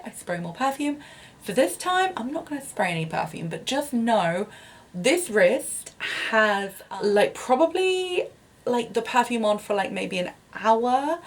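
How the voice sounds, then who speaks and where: Young woman vlogger, bubbly and chatty, casual home review, mid-pitched voice. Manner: bubbly, chatty, self-deprecating with frequent fillers. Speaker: beauty vlogger.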